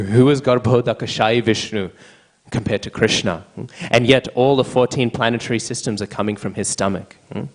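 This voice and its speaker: A man's voice: on the low side, poor audio. A man giving a devotional scripture class, checking in with listeners by tagging a questioning "hmm?" onto almost every phrase.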